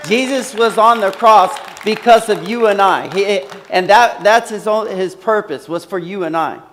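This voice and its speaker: A man's voice: sits high, moderate pace, a bit bright, a faint crowd, a little hiss or hum. A man preaching a sermon earnestly, repeating phrases and using many fillers, in a large hall. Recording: long hall reverb.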